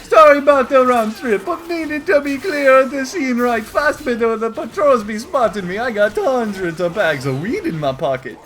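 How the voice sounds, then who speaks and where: Dude doing a rowdy bragging troll, higher and loud, broken slang. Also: male voice, expressive, normal speed, few pauses.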